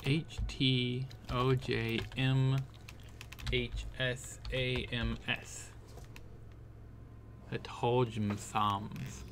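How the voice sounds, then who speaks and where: A man streaming a game, slowly spelling out letters as he decodes text, then breaking into excited disbelief. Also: medium pitch, slight background noise.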